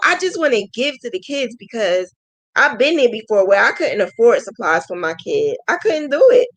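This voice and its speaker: Slow-talking woman livestream host. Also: fairly high pitch, fairly bright tone, rough recording. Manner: emotional, thanking viewers, quick to laugh. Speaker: crochet channel host. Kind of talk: casual livestream chat.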